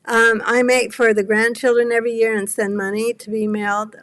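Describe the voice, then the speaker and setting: A woman's voice: a little high, flat delivery, fairly quick, a bit bright. A woman in her seventies hosting a cardmaking livestream, chatting with viewers, apologetic and rambling, close to tears. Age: 70s. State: near tears. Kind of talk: casual chat with live viewers.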